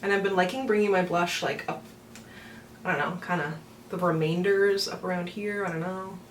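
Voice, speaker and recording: A woman's voice: fairly low pitch, fairly even intonation, normal speed, distant mic. Chatty woman doing her makeup, roomy echo. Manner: chatty, giggly, rambling with fillers. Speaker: beauty vlogger. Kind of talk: get-ready-with-me makeup chat. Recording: roomy echo, from off the mic, faint room hum.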